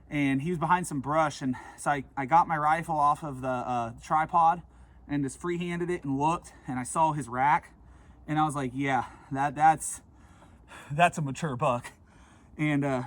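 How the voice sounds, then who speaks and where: A man recording a hunting vlog outdoors from a blind, talking in an excited, breathless way and often repeating himself. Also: fairly high pitch. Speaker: hunting vlogger.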